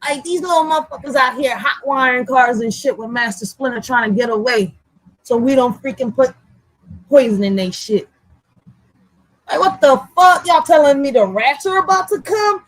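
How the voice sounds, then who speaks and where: A high-pitched young woman rants on a livestream, animated, profane and heated. The recording is dry and close, with almost no room sound. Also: normal speed, dry recording, poor audio. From Philadelphia. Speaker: vlogger. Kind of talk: livestream rant.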